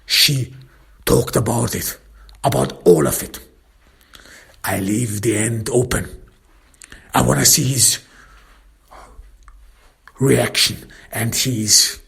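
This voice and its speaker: A man narrating a dark first-person story with intense, contemptuous swearing. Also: fairly low pitch, gravelly, husky.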